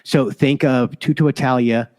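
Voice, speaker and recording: A man's voice: medium pitch, fairly even intonation, normal speed, a little mellow. A man co-hosting a food podcast, chatty and joking. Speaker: podcast co-host. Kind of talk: casual food podcast chat.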